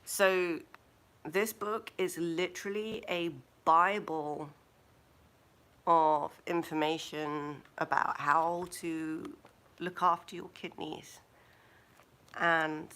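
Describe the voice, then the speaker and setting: A woman hosting a live stream in a relaxed, casual way, recommending foods and telling stories. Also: lowish voice, takes it slowly, long pauses.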